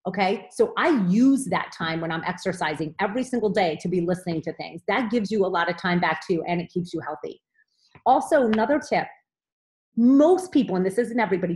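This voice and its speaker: A woman in her thirties giving a motivational training talk to her team, upbeat and direct, often checking in with "okay?". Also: on the low side.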